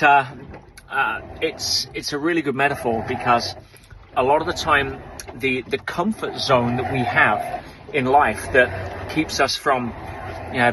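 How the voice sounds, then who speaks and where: Male rower on an ocean boat, mid-pitched, thoughtful and halting, heavy sea noise behind. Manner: halting, thoughtful, many fillers and restarts. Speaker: ocean rower sending a video update. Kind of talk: reflective motivational video diary. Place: small rowing boat on the open ocean.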